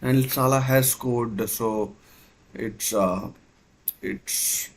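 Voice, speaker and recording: A man's voice: medium pitch, drawn-out words, low-quality recording. A man hosting a live football watchalong, giving hesitant play-by-play with many fillers and restarts. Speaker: watchalong host. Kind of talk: live match commentary watchalong.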